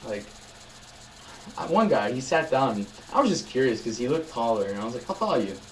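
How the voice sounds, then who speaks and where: A man's voice: mid-range voice, very animated, fairly quick, slight background noise, low-quality recording. A young man vlogging in a casual chat, telling rambling, upbeat stories full of fillers.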